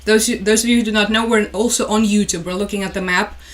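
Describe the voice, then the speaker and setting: A woman's voice: mid-range voice, steady tone, fast. Woman from Ukraine hosting a casual news livestream, tired, chatty, dry sarcastic humor, mid-range voice. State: stressed and tired. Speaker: livestream host. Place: home room with a collection on the wall.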